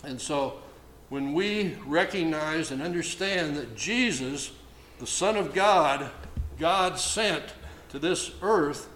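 Male pastor preaching, slow, deliberate and emphatic, slightly high voice, roomy echo. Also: animated, a bit bright, a little hiss or hum. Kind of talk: sermon. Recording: echoey room with faint ambience.

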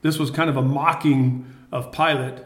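A man reading a Bible passage aloud and stopping to explain it to a study group, with pauses and restarts. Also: mid-range voice, steady tone. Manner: reads scripture then explains it with pauses and restarts. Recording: echoey room.

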